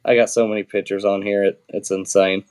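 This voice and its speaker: This man's lowish, clean-toned voice moves fairly quickly as he tells a casual story as a podcast guest. He sounds relaxed and plain, with frequent fillers, restarts, and the odd offhand swear.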